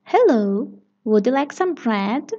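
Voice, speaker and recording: A woman voicing an excited little girl piglet, high and eager, on a dull lo-fi recording. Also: takes it slowly, heavily acted.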